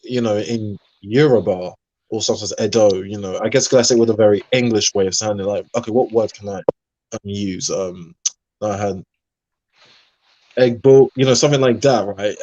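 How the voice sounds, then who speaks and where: Low-voiced man telling animated stories. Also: fairly quick, no room sound, dull audio. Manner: animated storyteller, laughs often. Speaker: panelist. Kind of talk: casual discussion.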